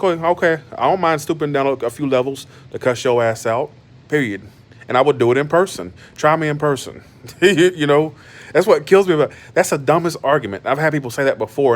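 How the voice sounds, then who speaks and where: A man hosts his tarot channel in a loose, livestream rant. He is blunt and emphatic, and he hammers his point home by repeating phrases. His voice sits at an everyday middle pitch.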